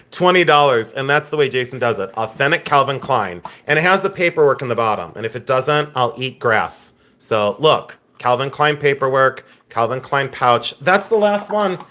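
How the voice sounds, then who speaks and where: A man running a live online auction, chatting and joking with viewers by name while pitching each item with breezy enthusiasm. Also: expressive, normal speed, sharp tone. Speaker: live-stream auction seller.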